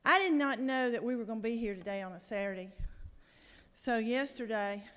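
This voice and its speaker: A woman's voice: fairly high pitch, fairly quick, a bit bright. A woman state senator, giving an impassioned, indignant floor speech. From American South. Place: large legislative chamber. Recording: reverberant chamber.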